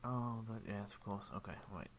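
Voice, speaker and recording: A man narrating as game master for a tabletop game stream, rambling with many ums and quick apologies. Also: fairly low pitch, steady tone, slight background noise. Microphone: headphones with a desk mic.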